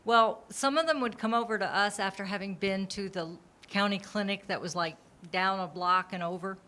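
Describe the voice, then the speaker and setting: A woman on a panel telling a heartfelt story, clearing her throat now and then. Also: medium pitch, moderate pace, bright, forceful tone. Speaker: panel participant.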